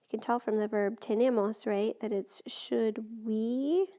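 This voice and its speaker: Gravelly-voiced woman teaching Spanish grammar. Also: on the high side, fairly even intonation, a little slow, hardly any pauses, warm tone. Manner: patient, step-by-step explaining. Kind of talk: recorded grammar lesson.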